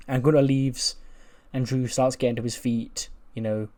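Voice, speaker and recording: A man's voice: mid-range voice, little pitch movement, moderate pace, a little mellow. A man hosting a game channel, casually recapping simulated wrestling matches with blunt, swearing commentary.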